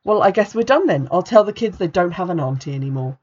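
A book reviewer reading aloud as an indignant adult woman scolding her sister, with sharp, accusing delivery. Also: mid-range voice, expressive, fast, breathy edge, highs cut off.

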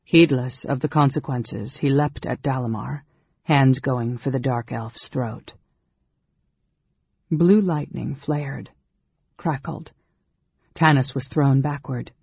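A male audiobook narrator with a gravelly, husky voice, reading a fantasy novel in a measured way. The sound is dry and close, on a dull, lo-fi recording. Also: medium pitch, dry recording. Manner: measured, steady storytelling.

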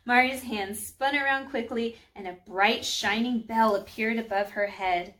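A woman's voice: on the high side, fairly even intonation, a little slow. Woman reading a children's storybook. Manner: gentle, friendly, addresses children. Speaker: children's book reader. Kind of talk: storybook read-aloud.

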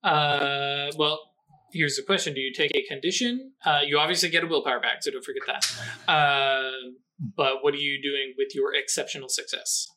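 Bright-voiced male game master, hesitant. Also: on the high side, steady tone, moderate pace. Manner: hesitant, many fillers, rules explanations. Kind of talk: running a tabletop game.

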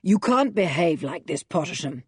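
A woman's voice: lowish voice, big pitch swings, moderate pace, slightly rough, no echo, clean studio sound, full character voice. A woman voicing an angry captive man who protests.

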